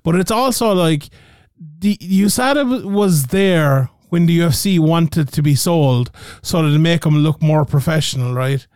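High-voiced man ranting. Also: moderate pace, clean tone, dry recording, clean studio sound. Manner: animated, ranting, swears freely. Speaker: podcast co-host. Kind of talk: casual podcast chat.

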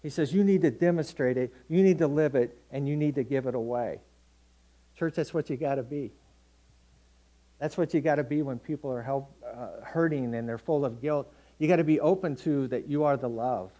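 A man's voice: mid-range voice, normal speed, dark tone. A middle-aged man preaching a sermon in a conversational, storytelling way, acting out quotes from everyday people.

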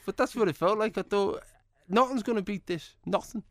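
A man, a comedian telling jokey, animated stories as an interview guest. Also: high-pitched, fairly quick, no echo. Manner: jokey, animated anecdotes with acted-out quotes. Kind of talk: casual storytelling interview.

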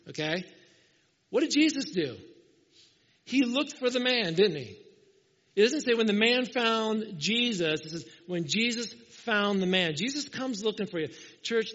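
A man's voice: high-pitched, fairly bright tone. A man preaching a sermon as pastor, conversational and storytelling, acting out quoted people. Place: church. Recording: dull sound, long hall reverb.

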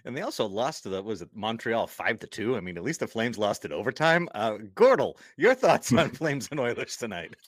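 A man hosting a casual hockey podcast, animated and jokey, often laughing as he talks. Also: mid-range voice, brisk, hardly any pauses, dry recording, studio quality. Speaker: podcast host. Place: Massachusetts.

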